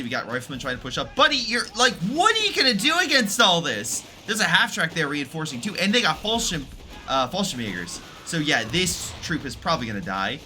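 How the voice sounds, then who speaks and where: A man's voice: on the high side, sharp tone, slight background noise. A man casually commentating a strategy game replay, rambling and chatty, with many fillers and self-corrections. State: recovering from illness.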